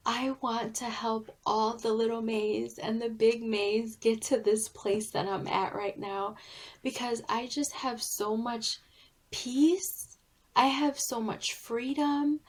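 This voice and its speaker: A woman author and therapist tells a deeply personal story in an interview. She speaks slowly and deliberately in a fairly high voice. She sounds earnest and heartfelt throughout. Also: steady tone.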